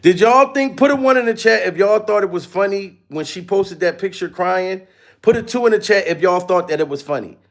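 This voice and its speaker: High-voiced incredulous male comedian. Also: fairly quick, faint music behind. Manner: animated, incredulous, swears freely. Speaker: comedian and livestream host. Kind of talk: comedic commentary on a livestream.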